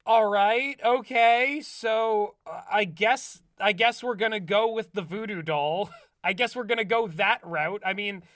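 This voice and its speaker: A woman's voice: mid-range voice, measured pace, no echo, clean studio sound. A woman co-hosting a podcast, reacting to a cartoon recap with wry jokes. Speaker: podcast co-host. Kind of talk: casual chat.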